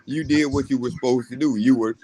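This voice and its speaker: A man's voice: mid-range voice, fairly even intonation, a little fast, dark tone, low-quality recording. A man in casual conversation, blunt and opinionated, swearing freely. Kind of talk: casual chat.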